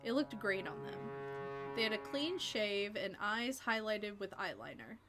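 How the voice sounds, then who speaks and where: A woman streamer reads a story game aloud and chats with her viewers in a lively way, laughing between passages. Her voice is medium in pitch and a little slow, with music playing in the background.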